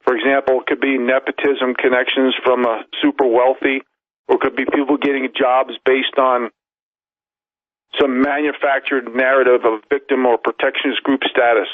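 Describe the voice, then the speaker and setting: A man's voice: mid-range voice, flat delivery, normal speed, no echo. Emphatic man on a tinny phone line. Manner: emphatic, piles up long lists. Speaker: news commentator on a call-in radio show. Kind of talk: talk radio commentary.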